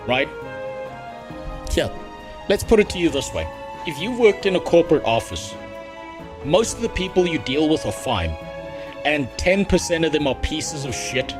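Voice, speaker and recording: A man streaming a game, ranting bluntly and swearing freely in casual chat. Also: fairly high pitch. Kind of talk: casual livestream gameplay chat.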